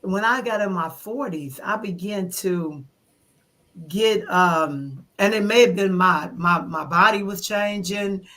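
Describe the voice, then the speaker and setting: A woman in her fifties, speaking as an interview guest in a bright, sharp-edged voice. She tells her story in an animated way, playing out her own past thoughts as little quoted scenes. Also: mid-range voice, slow pace. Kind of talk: conversational interview.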